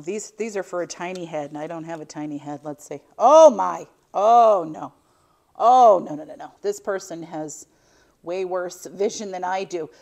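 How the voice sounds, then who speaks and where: Gushing chatty woman reseller. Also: on the low side. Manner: gushing, chatty, exclaims often. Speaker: vintage reseller unboxing finds. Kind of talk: casual chatty unboxing vlog.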